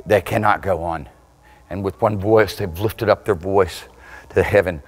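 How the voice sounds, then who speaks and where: A male pastor preaching a sermon with passion. He swings between loud, shouted peaks and low, intense passages. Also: steady tone, measured pace.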